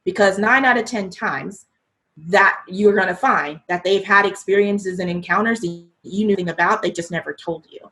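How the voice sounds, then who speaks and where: A woman's voice: medium pitch, moderate pace, fairly bright tone, rough recording. American woman telling a story. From United States. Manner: storytelling, reflective, frequent ums and restarts. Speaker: guest. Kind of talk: conversational interview answer.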